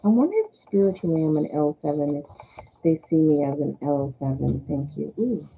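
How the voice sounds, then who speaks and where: A woman's voice: low voice, a little fast, vocal fry, noisy background. Giggly Southern woman reading tarot. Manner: chatty, giggly, thanks the angels softly. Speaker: tarot reader. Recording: tinny phone-like sound.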